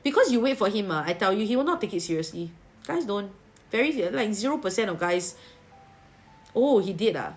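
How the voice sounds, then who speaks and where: Giving a livestream tarot reading, a woman chats bluntly with viewers, dropping "lah" and "leh" particles throughout. She speaks briskly in a medium pitch with lively intonation, and faint music plays in the background.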